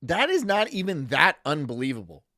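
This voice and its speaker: A man's voice: fairly high pitch, wildly swooping pitch, normal speed, bright, forceful tone, no echo, studio quality. Rambling jokey male streamer. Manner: rambling, jokey, reads chat aloud. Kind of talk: casual reaction commentary.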